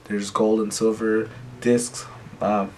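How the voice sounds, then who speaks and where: A man's voice: lowish voice, little pitch movement, slow pace, a little hiss or hum. A young man voicing a male ranger who talks in an offhand, rambling way. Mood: curious.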